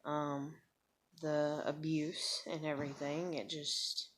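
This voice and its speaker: Slow-talking angry woman. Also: deep voice, level tone, slight background noise. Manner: angry, profane, blunt. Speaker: vlogger. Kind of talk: personal vent to camera.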